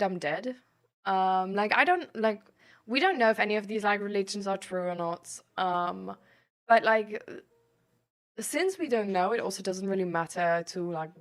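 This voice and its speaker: A young woman streaming and answering chat questions in casual talk, rambling with lots of "like" and "um". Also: mid-range voice. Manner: rambling, fills every phrase with "like" and "um".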